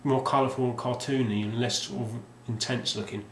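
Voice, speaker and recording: A man's voice: medium pitch, fairly even intonation, a little fast, a little hiss or hum. A man casually showing off his game collection, rambling and hesitant with lots of ums and restarts. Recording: roomy sound with faint ambience.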